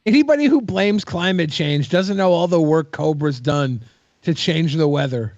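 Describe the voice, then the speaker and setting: Wry high-voiced male co-host, lo-fi mic. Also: expressive, normal speed, a little mellow, dry recording. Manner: wry, joking commentary. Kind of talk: casual chat.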